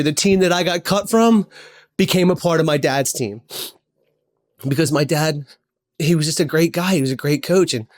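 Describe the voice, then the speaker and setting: A man in his forties telling personal stories in a heartfelt, rambling way, repeating himself and swearing casually. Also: a little high. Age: 40s. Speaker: podcast host. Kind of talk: personal storytelling monologue.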